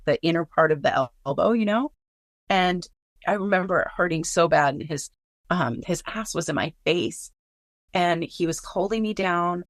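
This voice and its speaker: A woman's voice: fairly low pitch, dry recording, studio quality. A woman recounting a personal story in casual, blunt speech, swearing freely and filling with "like".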